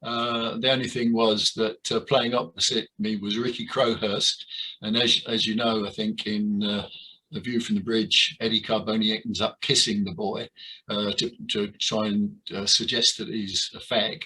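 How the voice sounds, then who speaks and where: An older man being interviewed about his years in amateur theatre, talking with many pauses, fillers and restarts. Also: on the low side, level tone, sharp tone, slightly rough, low-quality recording. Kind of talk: reminiscing interview.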